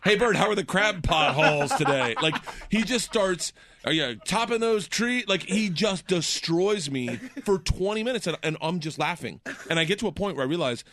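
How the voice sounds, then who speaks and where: A man telling comic stories in casual chat. He laughs often and jumps into excited voices when quoting people. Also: moderate pace. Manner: animated, laughs often, does high excited voices in quotes. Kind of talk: casual comedic storytelling.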